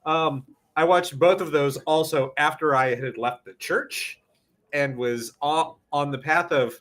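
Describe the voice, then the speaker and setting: A man co-hosting a podcast in casual chat, animated and wry in his reactions. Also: on the high side, a little slow. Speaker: podcast co-host.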